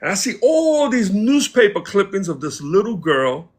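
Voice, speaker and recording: A man guest casually telling stories from his past in an interview, animated and acting out the people he quotes. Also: high voice, normal speed, slightly rough. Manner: animated, acts out quoted voices. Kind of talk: casual storytelling.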